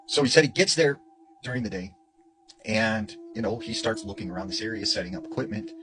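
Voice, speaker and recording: A man's voice: lowish voice, lively intonation, a little fast, background noise. A man retelling a story in a casual, conversational way, with lots of "you know" and "like". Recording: music playing underneath.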